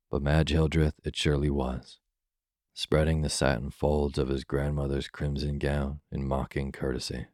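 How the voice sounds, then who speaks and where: A man reads a classic holiday tale for listeners drifting off to sleep. His voice is extremely deep and flat. The sound is close and dry, with no room around it. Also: no echo. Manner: calm, soothing, unhurried. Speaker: storyteller. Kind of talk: slow bedtime story reading.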